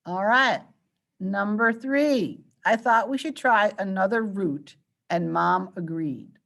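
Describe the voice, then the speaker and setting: A woman's voice: medium pitch, slow pace, gravelly, fairly bright tone. A woman teacher leading an online grammar lesson, patiently quizzing her students and walking them through each answer. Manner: patient, coaxing questions to students.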